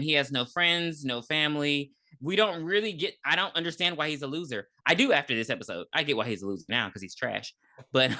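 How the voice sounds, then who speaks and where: Podcast co-host: easygoing man, bright tone, loose jokey recap, plenty of ums. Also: medium pitch. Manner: loose, joking, quick to laugh, many ums. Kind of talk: casual TV recap chat.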